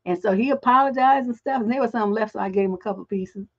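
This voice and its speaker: A middle-aged woman hosting a relationship advice livestream, telling stories in a blunt, profane, animated way. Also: fairly high pitch, fast talker, dull audio.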